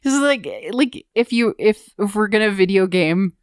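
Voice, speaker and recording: A woman hosting a casual fan podcast, making quick guesses and playful asides. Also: mid-range voice, lively intonation, clear, resonant tone, no room sound, studio quality. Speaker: podcast host.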